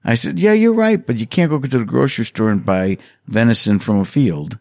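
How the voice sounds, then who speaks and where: A middle-aged man being interviewed, telling stories in a casual, animated way and acting out quotes with big jumps in voice. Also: mid-range voice, fairly quick, no room sound, studio quality. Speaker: hunter and hunting instructor, interview guest.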